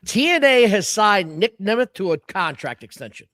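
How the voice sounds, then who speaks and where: A man's voice: high voice, big pitch swings, moderate pace, sharp tone, dry recording. A man co-hosting a wrestling podcast, ranting with strong opinions in casual chat. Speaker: podcast co-host.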